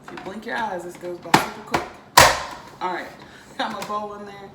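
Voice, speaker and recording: A woman's voice: mid-range voice, fairly even intonation, normal speed. A woman hosting a casual cooking demonstration in her kitchen, chatty and upbeat. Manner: chatty, upbeat, many ums and likes. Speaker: cooking show host. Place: home kitchen. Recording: echoey kitchen with background noise.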